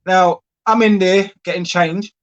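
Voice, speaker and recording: A man's voice: sits high, fairly even intonation, unhurried, muffled recording. A man, co-hosting a podcast in casual chat, blunt and repetitive, often asking "you know what I mean". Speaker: podcast co-host.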